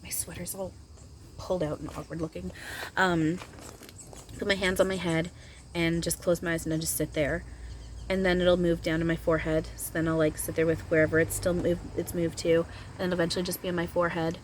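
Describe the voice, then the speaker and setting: A woman's voice: fairly low pitch, little pitch movement, a little fast, slight background noise, rough recording. A woman talking casually to camera as a spiritual channeler, rambling and chatty with frequent fillers and giggles. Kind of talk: casual vlog monologue.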